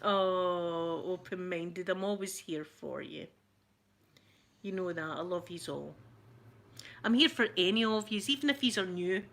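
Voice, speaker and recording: A woman's voice: fairly low pitch, measured pace, fairly bright tone. A woman with a Scottish accent, chatting casually and rambling to her viewers on her channel, laughing often. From Scotland. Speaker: ASMR channel host. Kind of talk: casual live-stream chat.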